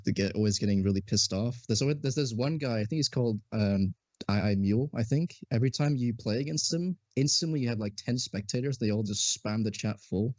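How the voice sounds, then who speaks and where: Lower-voiced man chatting as a podcast guest. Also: fairly quick, no room sound, dull audio. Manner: relaxed, repeats words, easily amused. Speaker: guest player. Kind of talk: casual gaming podcast chat.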